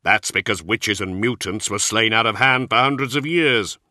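A man's voice: lowish voice, moderate pace, sharp tone, no room sound, clean studio sound. A man voicing a stiff, loyal soldier-commander who answers formally and bluntly.

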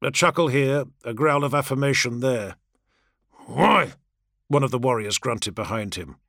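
A man's voice: mid-range voice, normal speed, dry recording, studio quality. Man narrating a grim war audiobook. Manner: dramatic, expressive reading. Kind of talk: scripted narration.

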